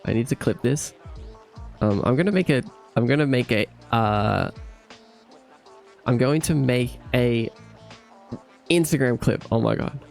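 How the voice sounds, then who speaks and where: A man's voice: mid-range voice, lively intonation, a little slow, vocal fry, long pauses, darkish tone, soft background music. A man streaming, chatting casually and animatedly, laughing often and sounding incredulous.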